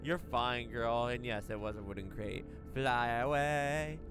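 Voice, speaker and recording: Loud game music plays beneath this young man's mid-range, unhurried voice as he streams a game. He reads the story out with stumbles, reacting with frequent laughter and lots of energy.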